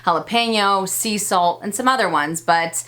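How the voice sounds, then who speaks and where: A woman's voice: medium pitch, normal speed, sharp tone. A woman in her thirties giving a casual, chatty product review as a vlogger, enthusiastic and full of fillers. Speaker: beauty vlogger.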